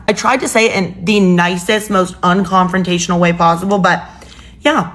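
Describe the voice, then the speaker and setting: A woman's voice: on the low side, fairly even intonation, moderate pace, a bit bright. A young woman telling a personal story in a casual, chatty way with exasperated asides.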